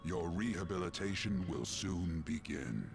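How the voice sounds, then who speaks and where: An actor playing an old, long-nosed male keeper of a mystic room, speaking slowly and formally in a deep, gravelly voice. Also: animated, full character voice. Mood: solemn. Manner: slow, formal and ominous. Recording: game audio with music behind.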